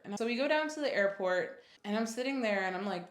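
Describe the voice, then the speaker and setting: A woman in her twenties telling a personal story casually, jumping high in pitch for quoted reactions. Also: lively intonation, quick pace, reverberant. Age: 20s. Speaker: vlogger.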